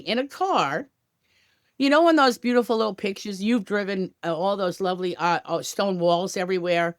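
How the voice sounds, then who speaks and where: Speaking at a medium pitch, a female tour company guest gives an enthusiastic travel podcast interview, bubbly and conversational with plenty of asides. There's no room sound, and the quality is studio-level.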